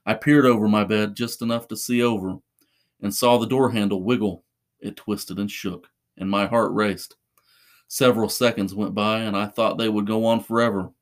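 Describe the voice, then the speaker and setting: A man narrating a first-person horror story in a measured, suspenseful way. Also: fairly low pitch, steady tone.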